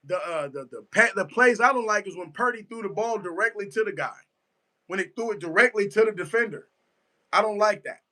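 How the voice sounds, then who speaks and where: A man's voice: high voice, animated, a little fast, bright, forceful tone. A man giving a casual live reaction to a football game, emphatic and repetitive, answering his chat as he goes. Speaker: sports fan streamer.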